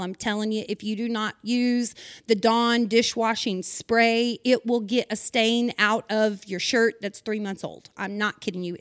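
A woman gives a sermon-style devotional talk to women. She is folksy and chatty, teasing her listeners with emphatic asides. Her voice sits fairly high and her pace is slow and unhurried. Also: no room sound, clean studio sound.

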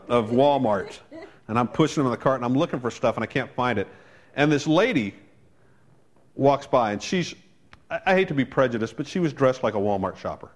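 Man preaching a chatty storytelling sermon. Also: mid-range voice. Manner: conversational storytelling, wry asides. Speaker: pastor.

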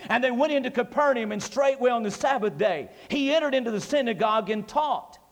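A man's voice: very high voice, lively intonation, a little fast. A pastor, preaching a sermon emphatically and repeating his lines with rising force. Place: church sanctuary. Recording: reverberant church hall.

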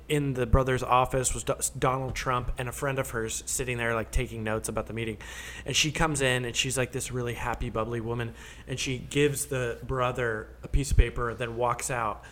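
A man's voice: mid-range voice, pushed and bright. A man telling stories in casual podcast chat, swearing freely and acting out the voices of people he quotes.

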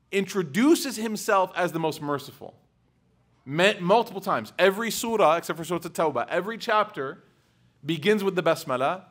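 Man, fairly high voice, religious talk, animated storytelling, casual fillers, asks the audience questions. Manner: casual, full of "like" and "right?". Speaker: religious speaker. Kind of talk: lecture with anecdotes to a live audience.

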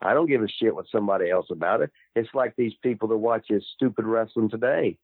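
An older man, a former wrestler guest on a podcast, talking in a blunt, profane, gruff way. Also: fairly low pitch, fast, no echo. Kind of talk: casual interview. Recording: tinny dry phone line.

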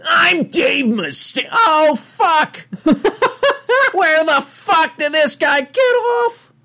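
Shaggy, a yelping goofy slacker. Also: male voice, extremely high pitch, lively intonation, very slow, vocal fry, sharp tone, voice pushed up, exaggerated voice. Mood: rowdy. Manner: yelping, rowdy, laughing through lines. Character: Shaggy, lanky goofy cartoon slacker guy.

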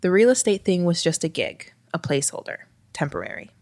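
Low-voiced woman reading a story. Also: big pitch swings, fairly quick, vocal fry, a little mellow, no echo. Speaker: narrator. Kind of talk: scripted storytelling narration.

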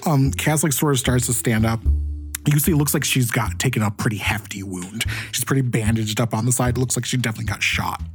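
A man's voice: medium pitch, fairly quick, soft background music. A man running a tabletop game as game master, narrating scenes loosely with many fillers.

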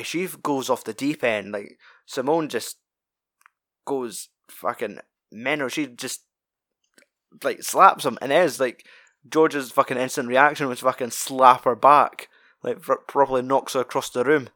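A man's voice: mid-range voice, a little slow, sharp tone, dry recording, clean studio sound. A man chatting casually about a film, rambling, swearing freely and laughing often.

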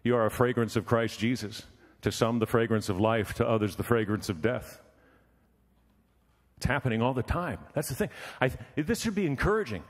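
Animated male preacher in a reverberant hall. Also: mid-range voice, moderate pace. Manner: animated, acts out voices in his story. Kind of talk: sermon with storytelling.

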